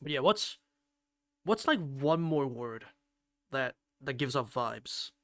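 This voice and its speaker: Bright, playful male streamer. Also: mid-range voice, expressive, slow, no echo. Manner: playful, rambling, swears casually. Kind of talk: casual chat while playing a game.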